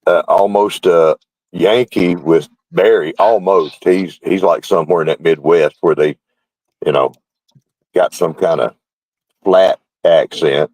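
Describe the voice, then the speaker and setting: A man's voice: low-pitched, unhurried, a little mellow, dry recording, rough recording. A man with a Southern hill accent, rambling in casual livestream chat and often asking "right?". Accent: Southern American hill dialect. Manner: rambling, repeats words, asks "right?".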